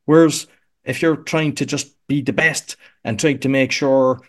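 A man's voice: mid-range voice, fairly even intonation, unhurried. An Irish man, a podcast coach, chatting casually as an interview guest, rambling with lots of restarts and fillers. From Ireland. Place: home podcast room.

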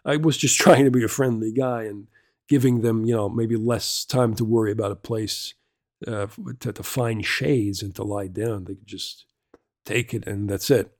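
A man's voice: on the low side, fairly even intonation, moderate pace, darkish tone, no room sound, studio quality. A man hosting a casual solo podcast, rambling through a story with lots of restarts, fillers and swearing. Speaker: podcast host.

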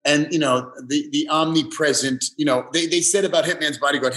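Halting New man, slightly high. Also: fairly even intonation, a bit bright. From the Bronx. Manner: halting, restarts often. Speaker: actor guest. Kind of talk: casual interview chat.

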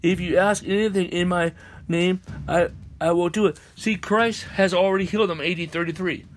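A man's voice: sits high, fairly even intonation, normal speed, a little hiss or hum. A man preaching a sermon over a conference call, dropping in hallelujah and amen between phrases and rising into chanted repeated lines.

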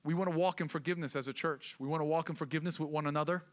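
A man's voice: a little high, steady tone, very fast. A male pastor preaching a sermon in a conversational way, with casual asides and questions to the congregation.

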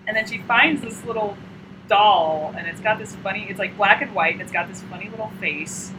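A young woman in casual chat, retelling a comic story with lively energy and frequent laughs, acting out the lines. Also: medium pitch, normal speed. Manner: animated, acts out quotes in silly voices, laughs often. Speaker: podcast co-host. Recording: noticeable background noise.

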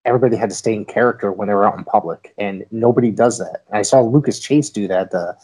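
Low-voiced male podcast host. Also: quick pace, a little mellow, husky. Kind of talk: casual podcast chat.

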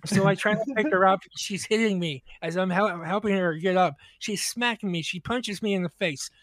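A man's voice: high voice, normal speed, a bit bright. A man on a podcast, telling a rambling, profane story in casual chat, full of restarts.

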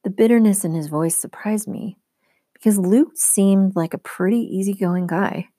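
A woman teacher reading a novel aloud in a steady, clear storytelling manner. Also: medium pitch, moderate pace, dry recording, studio quality.

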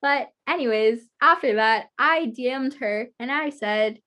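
A woman's voice: fairly high pitch, measured pace, few pauses, pushed and bright. A woman hosting an interview over a video call, chatting casually, giggling often and rambling through her stories. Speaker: guest host interviewer. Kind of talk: casual chat.

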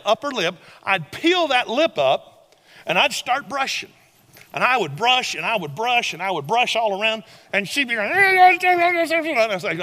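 An older man preaching a sermon, telling animated stories and swinging between loud and hushed delivery. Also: high-pitched. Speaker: pastor.

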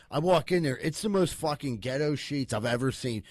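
A man's voice: mid-range voice, lively intonation, a little fast, no room sound. A man chatting casually with friends, telling a crude, exasperated story and swearing often. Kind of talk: casual chat.

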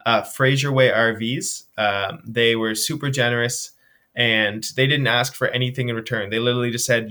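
Animated young man telling stories. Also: medium pitch, normal speed. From Nova Scotia. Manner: animated storytelling, frequent fillers. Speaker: guest, charity runner. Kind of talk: casual interview chat. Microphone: remote video call.

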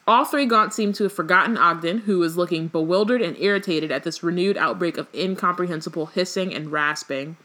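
A woman's voice: fairly low pitch, a little fast, few pauses, sharp tone. A woman co-hosting a book podcast, reading passages aloud and chatting casually with lots of "like" and "um". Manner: reads passages with fillers, many "like"s. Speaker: podcast co-host.

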